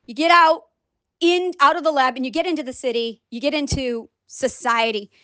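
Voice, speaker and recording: High-voiced woman rambling animatedly. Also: moderate pace, no echo. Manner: animated and rambling, with frequent profanity; acts out quoted voices. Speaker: scientist and online writer. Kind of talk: casual unscripted vlog monologue.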